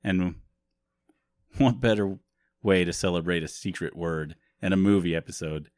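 A man's voice: sits low, normal speed, a little mellow, dry recording. A young man co-hosting a podcast in casual chat, rambling and laughing often. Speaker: podcast co-host.

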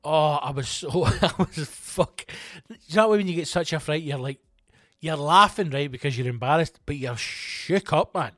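A man's voice: a little high, normal speed, no room sound, studio quality. A middle-aged Scottish man hosting a comedy podcast, telling a self-mocking story full of swearing. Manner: profane, animated, self-mocking. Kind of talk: comic storytelling monologue.

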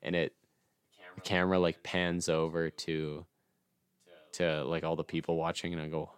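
A man's voice: very deep voice, flat delivery, normal speed, smooth. A young man co-hosting a podcast, telling rambling stories about films. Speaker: podcast co-host. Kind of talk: casual film chat.

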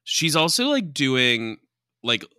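A man's voice: medium pitch, very animated, slow, sharp tone, clear, resonant tone, no room sound, clean studio sound. A man co-hosting a podcast in casual chat, dropping wry one-liners. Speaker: podcast co-host. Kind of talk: casual chat recapping a reality show.

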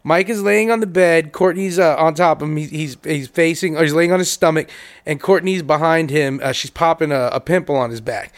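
A man co-hosting a podcast, telling crude, animated stories in casual chat and laughing often. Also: a little high, fairly quick. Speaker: podcast co-host.

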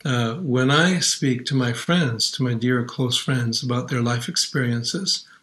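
Earnest older man, unhurried storyteller. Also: medium pitch, fairly bright tone, poor audio. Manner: earnest, unhurried, sings lines of his songs. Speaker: children's singer and guest. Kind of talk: warm reflective interview talk.

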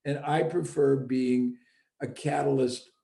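Slow and steady, this mid-range male voice is gravelly yet mellow. A middle-aged business owner and former seminar leader, he muses in a casual conversation and keeps restating his points for emphasis, in a recording with a roomy echo.

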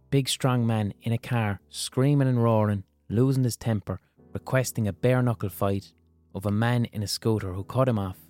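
A man's voice: lowish voice, a little mellow, no echo. A young adult man, hosting a solo podcast in a blunt, conversational way and swearing freely. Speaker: podcast host. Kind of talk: casual solo podcast monologue.

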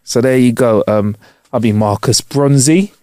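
A man's voice: mid-range voice, measured pace, warm tone, no echo. A man co-hosting a podcast, chatting casually with slangy banter. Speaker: podcast co-host. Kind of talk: casual chat.

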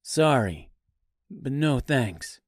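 A man voicing a nervous, excitable male scarecrow in an audiobook reading, with a high, fretful voice. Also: very slow, no echo, clean studio sound, full character voice. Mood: wary. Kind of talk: audiobook character voice.

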